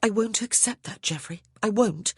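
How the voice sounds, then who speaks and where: A man voicing a determined young noblewoman, pleading and insistent, often dropping to a hush. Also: high-pitched, moderate pace, slightly rough, dry recording, clean studio sound, pitched above the performer's own voice. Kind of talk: audiobook character voice.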